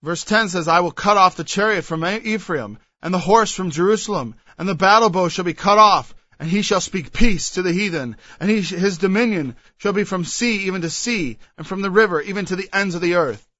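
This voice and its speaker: A man's voice: high voice, a little fast, few pauses, sharp tone, dry recording. A man preaching a sermon. He reads old scripture aloud and then explains it verse by verse. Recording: dull lo-fi recording.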